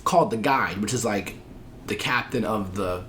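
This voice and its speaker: A man telling a story as a podcast guest in casual chat, animated and profane, acting out the voices of people he quotes. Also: fairly low pitch, normal speed, a little hiss or hum.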